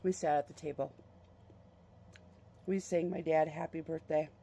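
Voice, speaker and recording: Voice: mid-range voice, steady tone, moderate pace, creaky, mellow, breathy edge. A vlogger telling a family story in a casual, chatty and fond way.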